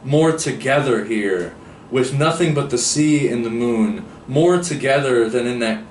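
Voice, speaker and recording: A man's voice: medium pitch, measured pace, natural voice. Man reading a confused young woman from a novel; roomy, distant mic. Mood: pleading. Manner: read aloud from a novel, lightly raised. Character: young woman, bewildered and contented. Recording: roomy echo, distant mic, faint hiss.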